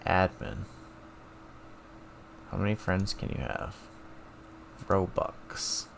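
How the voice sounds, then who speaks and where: A man's voice: deep voice, lively intonation, slow, fairly bright tone, a little hiss or hum. A man streaming live, thinking aloud in a self-mocking casual way while taking quizzes.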